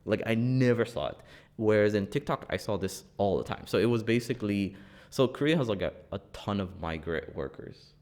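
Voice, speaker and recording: A man's voice: on the low side, fairly quick. A young man co-hosting a podcast in a studio, chatting casually and telling funny stories with lots of laughter. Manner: animated storytelling, laughs often, acts out quoted voices. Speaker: podcast co-host.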